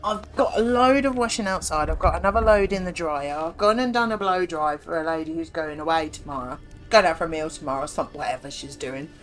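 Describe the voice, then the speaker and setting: A woman chatting her way through a game stream. She rambles through everyday news with self-mocking asides, her voice sitting a little low for a woman. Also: a little fast, hardly any pauses, faint music behind. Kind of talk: casual chat while gaming.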